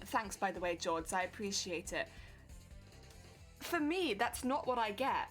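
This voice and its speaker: A woman's voice: mid-range voice, sing-song, unhurried, pauses often, soft background music. A young woman with an English accent, chatting casually on a live stream while working on a cosplay, giggling and rambling. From England.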